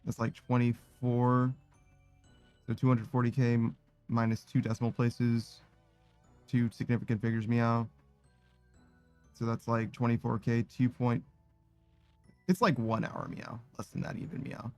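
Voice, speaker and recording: A man's voice: mid-range voice, completely flat delivery, unhurried, long pauses, a little mellow, faint music behind. A tired man live-streaming, casually reading out viewer messages and ending nearly every sentence with "meow," laughing and swearing along the way. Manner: laid-back, tired, laughs and swears often.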